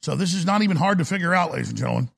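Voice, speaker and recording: A man's voice: fairly high pitch, expressive, very fast, vocal fry. A male talk radio host ranting through a call-in show, often stumbling and restarting words.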